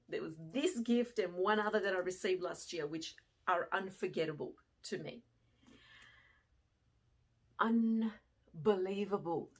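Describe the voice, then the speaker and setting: A middle-aged woman from Australia telling a personal story to camera, swinging from hushed to excited. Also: fairly low pitch. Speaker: fashion vlogger and former teacher.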